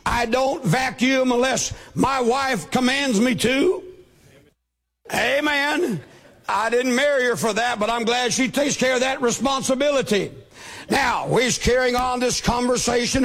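A man preaching a sermon, with a shouting preacher's cadence, acting out the voices he quotes. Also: very high-pitched, gravelly. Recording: long hall reverb.

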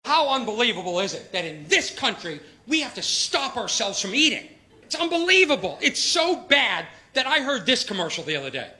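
A man's voice: extremely high pitch, sing-song, a little fast, sharp tone. A man doing an incredulous stand-up rant before a live audience. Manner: incredulous, ranting. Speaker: stand-up comedian. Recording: noisy live audience recording.

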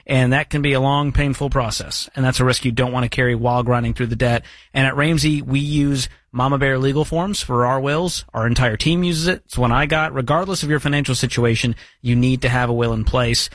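A man's voice: medium pitch, fairly even intonation, a little fast, hardly any pauses, a bit bright, dry recording. A man hosting a call-in radio show with an upbeat, joking manner. His voice sits in the middle of the range. The studio sound is dry and close. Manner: upbeat, joking, reads listener questions aloud. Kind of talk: casual call-in radio talk.

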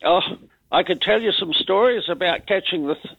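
A man's voice: sits high, normal speed, gravelly, breathy edge, dry recording. An older man with a New Zealand accent calling a talkback show, rambling and hesitant as he grumbles. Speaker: caller. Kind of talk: casual talkback chat. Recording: muffled phone-in line.

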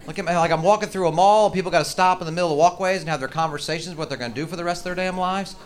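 A man's voice: high-pitched, racing. Profane ranting stand-up comedian, man. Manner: profane, exaggerated ranting with sudden shouted outbursts. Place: comedy stage before a live audience.

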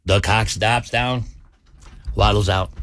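Animated male radio host telling a joke. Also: on the low side, takes it slowly. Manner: animated storyteller, acts out the bartender gruffly. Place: radio studio. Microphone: studio mic.

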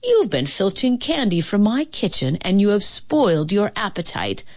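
A woman voicing a kind but downcast male palace cook in a storybook read-aloud, speaking softly and earnestly. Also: mid-range voice, sing-song, moderate pace, no room sound, studio quality, voice pushed up. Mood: firm. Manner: soft, weary and earnest.

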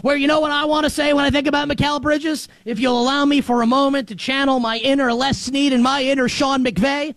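Excitable high-voiced male sports host. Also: a little fast, hardly any pauses, no echo. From New York. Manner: animated, emphatic, shifts between shouting highs and muttered lows. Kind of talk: excited sports commentary monologue.

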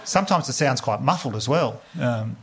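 Crude Australian stand-up comedian. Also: male voice, mid-range voice, normal speed, noisy background. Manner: crude, deadpan storytelling with crowd work. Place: comedy stage before a live audience.

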